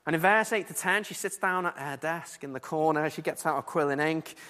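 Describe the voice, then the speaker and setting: A man preaching a sermon, earnest and animated, often repeating words as he builds his point. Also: fairly high pitch, fairly quick, long reverb tail.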